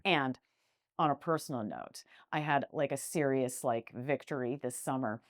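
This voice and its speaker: Low-voiced woman business owner. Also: normal speed, dry recording, clean studio sound. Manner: frank and animated, with fillers like "like" and "you know". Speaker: business owner, interview guest. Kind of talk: casual conversational interview.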